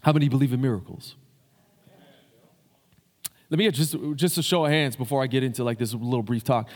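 A man's voice: mid-range voice, a little fast. A man preaching a sermon in a loose, conversational way, with fillers and restarts, addressing his congregation. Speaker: pastor. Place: church sanctuary. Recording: long hall reverb.

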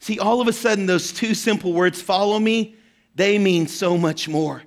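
A man preaching a sermon as pastor, impassioned, his voice rising when he speaks the quoted words. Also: high-pitched. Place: church hall.

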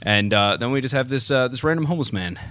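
A man's voice: medium pitch, expressive, fast, bright, forceful tone, no room sound, clean studio sound. A man in a casual group chat, relating a story in a laid-back way. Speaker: co-host.

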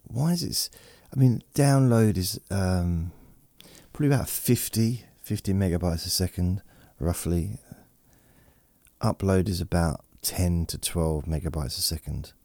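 A man rambles through a bedtime podcast in a deep, gravelly voice. He talks slowly and drowsily, wandering off topic with self-deprecating asides. The sound is dark, dry and close, processed to feel soothing. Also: dry recording. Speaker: podcast host. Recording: processed close-mic studio voice.

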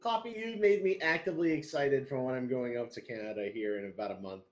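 A man hosting a podcast in casual chat, easygoing and quick to chuckle. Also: mid-range voice. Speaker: podcast host.

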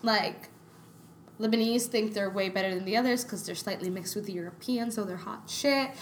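A woman's voice: medium pitch, normal speed, slight background noise. A woman with a Canadian accent co-hosting a podcast in casual, emphatic chat, rambling with fillers. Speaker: podcast co-host.

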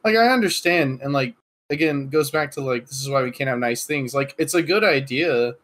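A man's voice: medium pitch, a little fast, fairly bright tone. A man co-hosting a casual gaming podcast, chatty and reasoning aloud with many fillers. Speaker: podcast co-host.

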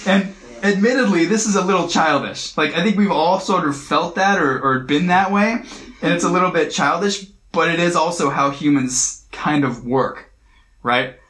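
A man with a fairly high voice leads a relaxed Bible study in a roomy, echoing space. He talks conversationally, restarts phrases and keeps checking in with his listeners. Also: normal speed. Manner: conversational, repeats words, asks "right?". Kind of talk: casual Bible teaching.

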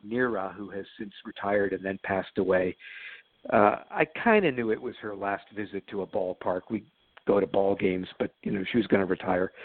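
A man's voice: fairly low pitch, no echo. A man telling stories as a guest in an interview, chatty and laughing at his own stories, with lots of fillers. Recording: phone line.

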